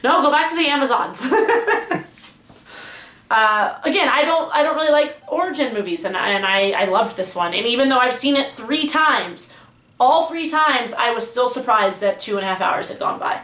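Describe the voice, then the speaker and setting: A woman's voice: on the high side, expressive, moderate pace, fairly bright tone, echoey room. A woman co-hosting a casual movie chat, talking with enthusiasm and lots of fillers. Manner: chatty, enthusiastic fangirling with fillers. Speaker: podcast co-host.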